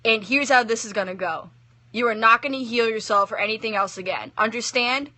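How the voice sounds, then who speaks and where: A woman's voice: on the high side, brisk, sharp tone, dry recording. Woman reading as Death, a grumpy cloaked reaper. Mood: irritated. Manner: exasperated, snappish, easily flustered.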